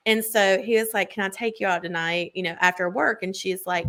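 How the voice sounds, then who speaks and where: Woman, casual chat, gushing recap, mid-pitched, filler-heavy. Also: steady tone, fairly quick, few pauses, fairly bright tone.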